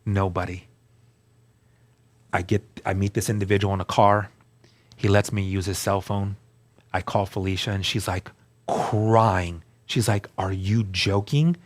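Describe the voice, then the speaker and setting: A man telling his story as a guest, earnest and animated, acting out the dialogue he quotes. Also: fairly low pitch, a little slow, long pauses. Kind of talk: storytelling testimony.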